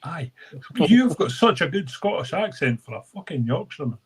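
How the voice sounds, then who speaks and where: A man's voice: fairly high pitch, very animated, moderate pace, low-quality recording. A man who is a regular on a live chat show, talking in a rowdy, sweary way and laughing often. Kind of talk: casual chat on a live stream. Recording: faint background noise.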